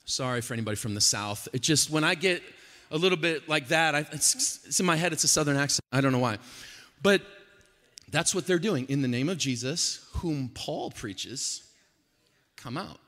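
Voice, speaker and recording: A man preaching a sermon at a conference, animated and swinging from quiet talk to loud, emphatic passages. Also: on the high side, normal speed. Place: large conference hall. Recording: long hall reverb.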